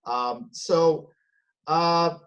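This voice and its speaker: A man's voice: a little high, extremely slow, fairly bright tone, lo-fi sound. A man performing a stand-up comedy set from home over a video call. His delivery is profane and punchy, with self-corrections and sudden emphasis.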